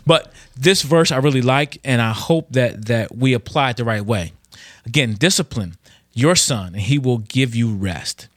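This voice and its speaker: Middle-aged male devotional speaker, earnest and conversational, lively pitch, dry room. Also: no echo. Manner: earnest and conversational, acts out kids' voices. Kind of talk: informal devotional teaching.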